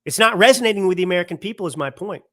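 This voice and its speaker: Speaking very fast in a high, expressive voice, a man aged roughly 30 to 40-something hosts political commentary. He sounds heated and emphatic, returning to the same points repeatedly.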